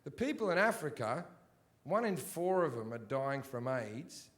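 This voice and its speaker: A man in his thirties doing a stand-up comedy set in a big theatre, with a profane, ranting delivery that often swells into shouting. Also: mid-range voice, big pitch swings, a little slow. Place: large sold-out theatre.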